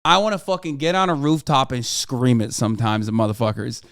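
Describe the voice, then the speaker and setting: A man's voice: medium pitch, fairly even intonation, brisk, fairly bright tone, no room sound, studio quality. Blunt, profane streamer man. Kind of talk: casual reaction stream.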